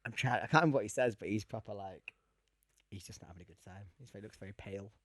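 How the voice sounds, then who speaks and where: A man's voice: fairly low pitch, racing, a bit bright, no room sound, clean studio sound. A man co-hosting a podcast, talking in a rambling, jokey, self-mocking way. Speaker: podcast co-host. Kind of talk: casual podcast banter.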